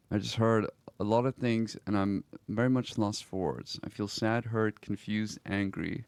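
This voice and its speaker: A man with a low, gravelly voice that still sounds smooth and full. He streams a roleplay game, reading in-game messages aloud slowly and reacting quietly and reflectively between them. The sound is close and dry, with no room in it. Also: steady tone, dry recording.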